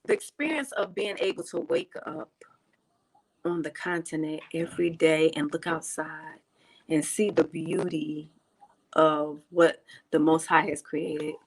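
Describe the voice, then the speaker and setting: A woman's voice: deep voice, measured pace, low-quality recording. Woman, from the United States, interview guest, casual chat, video call, rambling. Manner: chatty, repeats herself, frequent "you know". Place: home in Tanzania.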